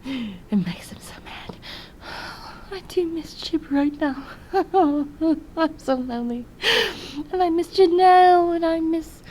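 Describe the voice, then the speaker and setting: A young woman voicing an earnest, lonely diarist who confides in her viewers in a hesitant, soft-spoken way, often drifting into whispers. Her voice sits at a middle height, and she talks slowly with long pauses. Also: medium pitch, fairly even intonation, a little hiss or hum, low-quality recording. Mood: confiding. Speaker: diary vlogger character. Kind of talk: in-character diary vlog.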